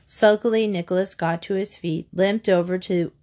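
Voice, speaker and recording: A woman's voice: fairly low pitch, steady tone, normal speed, warm tone. Woman reading a children's storybook aloud. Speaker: audiobook narrator. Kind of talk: storybook read-aloud narration.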